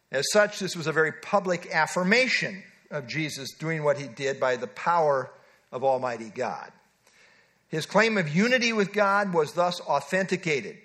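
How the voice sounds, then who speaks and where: A male pastor delivers an expository sermon in a high-pitched voice. He teaches earnestly and acts out the quotes he reads. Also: fairly bright tone.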